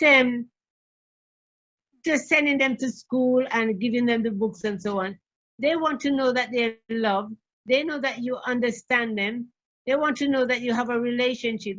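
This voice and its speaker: Older lady telling stories bout training parents, kinda high voice, bit muffled recording. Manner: lively anecdotal telling with acted quotes. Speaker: parenting trainer and guest speaker. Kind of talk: storytelling in a talk show.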